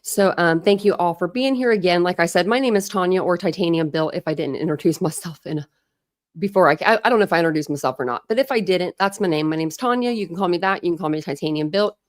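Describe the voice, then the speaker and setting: Talking at a quick pace in a fairly low voice, a woman from Ohio runs a casual true crime live stream, chatting, laughing often and calling out viewers by name. The recording is dry and studio quality.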